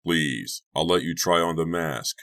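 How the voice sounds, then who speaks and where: A man's voice: extremely low pitch, measured pace, vocal fry, sharp tone, full character voice. A man doing a wheedling teenage prankster boy. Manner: wheedling, playful. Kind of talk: audiobook character voice.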